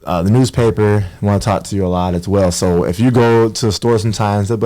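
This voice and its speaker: Low-voiced man telling stories. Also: brisk. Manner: animated, acts out voices in his stories. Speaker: podcast guest, professional basketball player. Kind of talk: casual storytelling interview.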